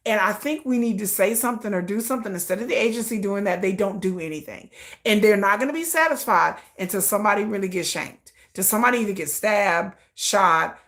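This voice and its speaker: A woman's voice: medium pitch, a little fast, fairly bright tone. A woman hosting a casual livestream, ranting with profanity and acting out dramatic quoted voices. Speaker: livestream host.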